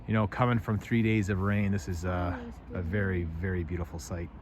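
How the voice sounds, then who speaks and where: A man filming a road-trip travel vlog, joking around and tossing off quick quips and exclamations. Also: deep voice, flat delivery, darkish tone. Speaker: travel vlogger. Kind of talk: casual travel vlog chat. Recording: outdoor recording with clear background noise.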